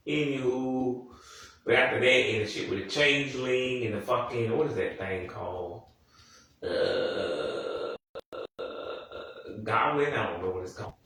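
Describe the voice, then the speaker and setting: A man's voice: unhurried, fairly bright tone. Young man, casual profane rant, rambling and exasperated; heavy room echo, sits well back from the mic. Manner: profane, rambling, exasperated, with sudden high-pitched outbursts. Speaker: TV commentator. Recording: very echoey room, voice from far off the mic.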